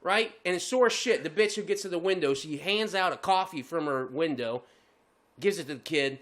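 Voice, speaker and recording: A man's voice: on the high side, normal speed. A man co-hosting a podcast, telling a long story in casual chat, swearing often and acting out the other people's voices. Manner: profane, animated, acts out voices in his story. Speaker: podcast co-host.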